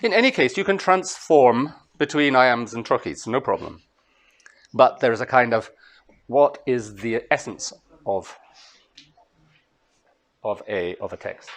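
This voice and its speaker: Man, Scottish accent, lecturer, animated pitch, chants rhythms, lecture hall. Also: a little slow, pauses often. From Scotland. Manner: lively, musical, hums rhythms aloud. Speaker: translator giving a master class. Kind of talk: lecture to students.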